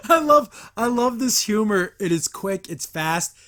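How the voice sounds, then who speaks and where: A man hosting a casual episode review, chatty and quick to laugh, with lots of filler words. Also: high voice, lively intonation, fairly bright tone. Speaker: host.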